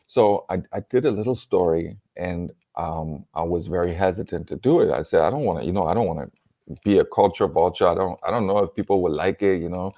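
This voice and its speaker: German-accented comedian, low voice, lively anecdotes over a video call. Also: male voice, fairly quick. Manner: animated, laughs often, acts out quotes. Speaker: comedian and storyteller. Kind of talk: casual storytelling chat.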